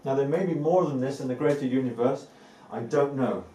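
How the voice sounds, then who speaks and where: A man with a mellow, warm voice giving a spiritual talk to a live group, earnest and repeating key words for weight. He is picked up from a distance in an echoey room. A faint hum of ambient noise sits underneath. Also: mid-range voice, a little fast. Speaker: spiritual teacher. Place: indoor room with a live audience.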